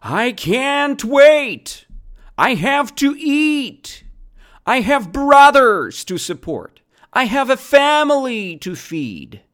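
A teacher voicing a hungry, desperate male kangaroo who yells that he must feed his family. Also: high-pitched, very animated, voice pushed up, heavily acted. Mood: desperate yelling. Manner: loud pleading yell, drawn-out words.

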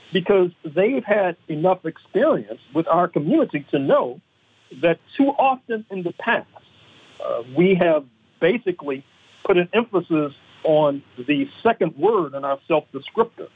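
Husky man on a tinny phone line. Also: high-pitched. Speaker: guest analyst. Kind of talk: phone-in radio commentary.

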